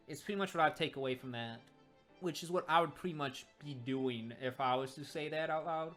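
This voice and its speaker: Excitable low-voiced woman reviewing a comic. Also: brisk, faint music behind. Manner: excitable, rambling, many restarts. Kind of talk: casual reaction commentary.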